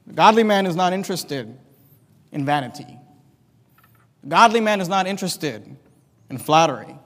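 Man, preacher, impassioned sermon, high pitch, long hall echo. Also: big pitch swings, normal speed, long pauses. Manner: impassioned, swings between loud emphasis and quiet asides. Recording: long reverb of a large hall.

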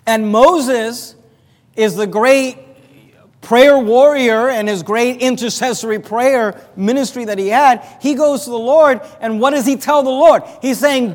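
A man's voice: very high voice, a little slow, big-room sound. A man preaching a sermon as pastor, reading scripture and building to pleading emphasis.

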